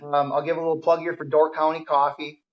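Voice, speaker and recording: Firefighter guest, enthusiastic storyteller, higher voice, dull lo-fi audio. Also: male voice, level tone, fast. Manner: enthusiastic storyteller, many ums and restarts. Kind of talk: casual podcast conversation.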